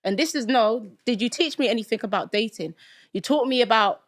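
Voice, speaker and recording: A woman, a podcast guest telling a personal story in animated casual chat, often checking that her listeners follow her. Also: a little high, brisk. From London, England. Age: 30s. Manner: animated storytelling, keeps asking "do you get what I mean?".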